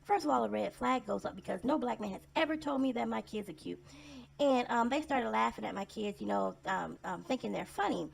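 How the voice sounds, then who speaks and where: A woman's voice: fairly high pitch, animated, brisk, creaky. A woman telling personal stories in a casual vlog monologue, blunt and sarcastic in a conversational way.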